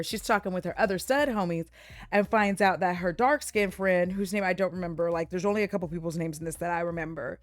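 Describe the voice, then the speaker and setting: A woman's voice: medium pitch, no echo. A young woman streamer recapping a show in a giggly, chatty way, laughing often. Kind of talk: casual recap chat.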